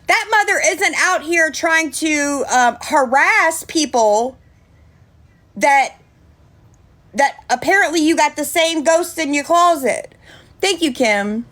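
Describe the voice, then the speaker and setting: A woman's voice: sits high, animated, slow pace, long pauses, fairly bright tone. A woman chatting on a livestream, indignant, thanking viewers by name. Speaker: livestream host. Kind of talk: casual livestream chat.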